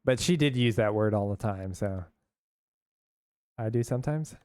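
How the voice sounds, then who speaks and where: A man's voice: lowish voice, normal speed, dark tone, no echo, studio quality. A young man from San Francisco chatting casually with his chat while streaming a game, rambling and laughing along.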